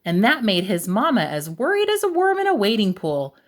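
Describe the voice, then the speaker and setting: A woman reads a picture book aloud in a rhythmic, expressive storyteller's voice. Her pitch is mid-range but rises and falls a great deal. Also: fairly quick.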